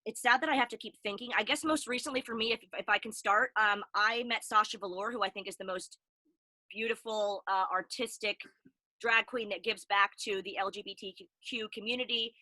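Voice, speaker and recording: Bright, animated woman co-hosting a chat show. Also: medium pitch, a little fast, no room sound. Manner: animated, chatty storyteller. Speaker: talk show co-host. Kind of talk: casual chat.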